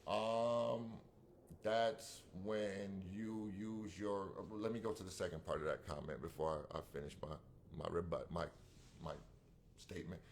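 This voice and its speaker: Man, very low voice, podcast co-host, casual, rambling, slangy, reads live comments. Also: unhurried, a little hiss or hum. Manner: relaxed, rambling with restarts and slang. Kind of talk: casual chat.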